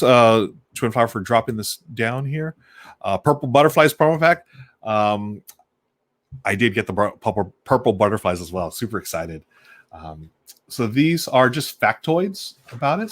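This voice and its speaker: On a casual live stream from his home desk, a man with a fairly low, slightly bright voice unboxes board games, speaking into a desk mic. He greets viewers with loose enthusiasm, thinks aloud with plenty of fillers, and munches snacks between sentences.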